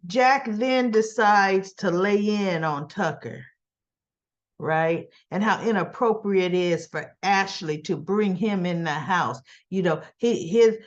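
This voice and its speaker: Slow-talking chatty woman recapping soaps. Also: mid-range voice, muffled recording. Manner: chatty, acts out the characters' lines in a livelier voice. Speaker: soap opera recap vlogger. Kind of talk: casual chat recapping a soap episode.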